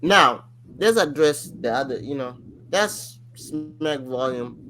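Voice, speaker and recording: A man co-hosting a podcast in casual chat, telling a story in an animated, rambling way full of fillers. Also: mid-range voice, slow pace, a little hiss or hum. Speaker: podcast co-host.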